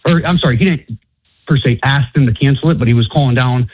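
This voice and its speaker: A man as a guest on a talk show, telling his story casually and haltingly. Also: medium pitch, darkish tone, a little hiss or hum. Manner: halting, many fillers and restarts. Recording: tinny, dry phone-like sound.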